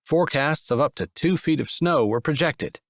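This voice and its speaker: A man reading a sweet romance audiobook aloud in an expressive narrating style. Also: a little high, normal speed, no echo, studio quality. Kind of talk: scripted narration.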